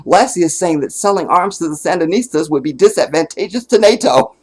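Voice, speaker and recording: A man voicing a deadpan sitcom mother explaining what her dog barked, in a lightly raised voice while retelling a comedy skit. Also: a little high, a little fast, husky, pitched above the performer's own voice. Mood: mock-serious.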